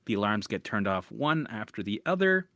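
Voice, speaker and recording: A man's voice: lowish voice, very animated, moderate pace, bright, forceful tone. A man coaching listeners through anxiety in a loose, casual talk. He swears easily and slips into panicky voices. The sound is dry and close, with no room echo.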